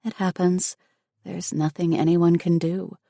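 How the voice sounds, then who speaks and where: A woman's voice: lowish voice, level tone, measured pace, vocal fry, dark tone, dry recording, clean studio sound. A woman voicing an anxious young woman who grieves for her ill mother, speaking in an earnest, emotional way. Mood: sad.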